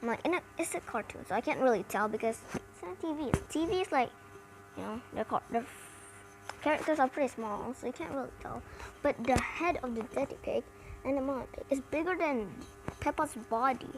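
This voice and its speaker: High-voiced rambling American woman. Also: animated, fairly quick, music in the background, poor audio. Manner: rambling, full of "like" fillers. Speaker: cartoon reviewer. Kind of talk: casual chat.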